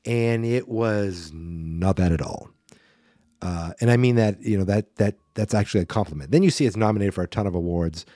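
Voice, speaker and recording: A man's voice: lowish voice, normal speed, dark tone, dry recording, studio quality. A man hosting a podcast alone, talking casually in a rambling, self-deprecating way with plenty of ums. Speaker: podcast host.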